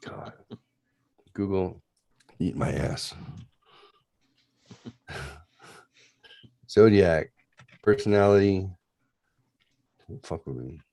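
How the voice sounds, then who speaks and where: Brief: very low-voiced male podcast host, profane and ranting, dead-dry room. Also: animated, extremely slow, gravelly, pauses often, mellow, no echo. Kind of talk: casual chat, reading aloud. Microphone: close podcast mic.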